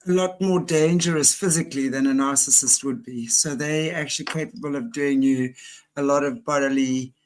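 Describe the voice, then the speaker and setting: A man's voice: mid-range voice, steady tone, moderate pace, rough recording. Guy host chatting casual, short "wow"s then sums things up. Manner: brief reactions, then summing up the guest's points. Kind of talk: casual interview chat.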